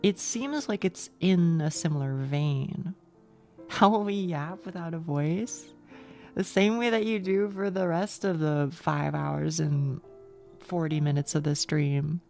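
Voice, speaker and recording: A young woman live-streams a game in a low, gravelly voice. She talks to her chat in a loose, excited ramble, swearing freely. Faint game music plays behind her.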